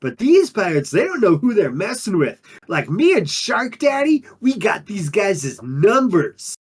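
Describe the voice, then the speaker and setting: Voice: medium pitch, big pitch swings, unhurried, husky. A performer playing a laid-back undine monk who talks in drawling surfer slang, in an improvised in-character interview. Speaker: player character.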